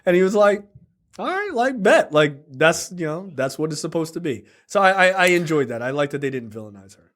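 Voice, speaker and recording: A man's voice: a little high, lively intonation, a little fast, fairly bright tone. A man co-hosting a podcast in casual chat, laid-back and profane, laughing often as he talks. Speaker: podcast co-host.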